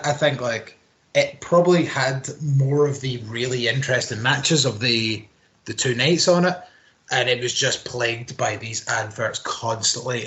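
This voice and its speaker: A man's voice: mid-range voice, a bit bright. A young man chatting casually about wrestling as a podcast co-host, rambling and swearing. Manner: rambling, swears, quick laughs. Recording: roomy home recording.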